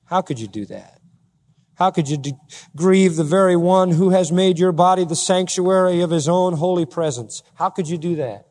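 A male pastor preaching a sermon, full of rhetorical questions and building to forceful, emphatic climaxes. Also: high voice, moderate pace. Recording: long hall reverb.

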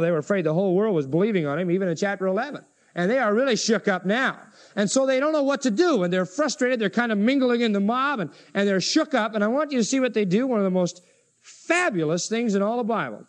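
Guy preaching a sermon, high voice, super animated, acts out the bible bits. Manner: animated, dramatic reading of scripture; acts out quoted voices with big pitch swings.

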